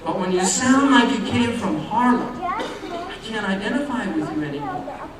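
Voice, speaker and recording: A man's voice: extremely high pitch, sing-song, normal speed, crowd noise. American man lecturing in an echoey hall. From United States, New York area. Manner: conversational, joking asides, rhetorical questions. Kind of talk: humorous public lecture. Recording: very echoey hall, voice from far off, noisy.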